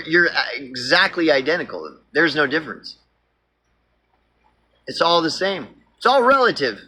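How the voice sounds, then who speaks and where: Man with an Oklahoma accent, animated and rambling, bright husky tone. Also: fairly high pitch. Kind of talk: casual political monologue.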